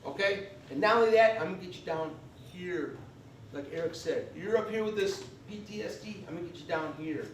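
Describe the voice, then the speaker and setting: Guy with a fairly high voice teaching a class to vets, folksy, keeps going "okay?", sounds far off in a roomy hall. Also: a little fast, a little hiss or hum. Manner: folksy, emphatic, checks in with "okay?". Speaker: veterans benefits presenter. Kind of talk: live class presentation. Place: convention meeting room. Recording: echoey room recorded from afar.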